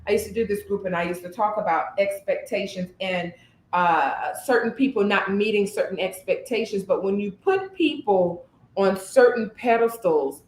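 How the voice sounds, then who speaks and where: A woman co-hosting a podcast, speaking at an ordinary middle pitch. She talks like the therapist she is, animated and thoughtful, and now and then pauses to find the right word. The room around her is roomy and echoey. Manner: animated, thoughtful, searches for words. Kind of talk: casual conversational podcast. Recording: roomy echo.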